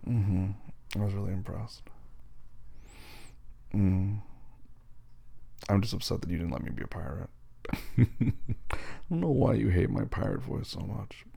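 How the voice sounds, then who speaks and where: Gravelly low man, whispered role-play. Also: measured pace, long pauses. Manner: soft, sleepy and affectionate, calls the listener baby. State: tired. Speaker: husband and father in a role-play.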